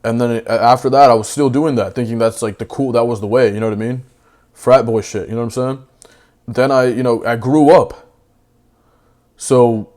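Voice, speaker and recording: Young male debater, brash and slangy, mid-pitched, heated and blunt. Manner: brash, profane, slangy, swings loud and fast. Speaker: debate panelist.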